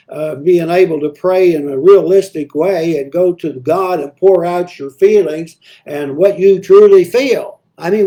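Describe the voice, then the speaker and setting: A man's voice: sits high, warm tone. A man leading a midweek devotional, reading scripture aloud and explaining it in a conversational way with frequent hesitations and repeated words. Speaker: preacher. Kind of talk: midweek devotional Bible study.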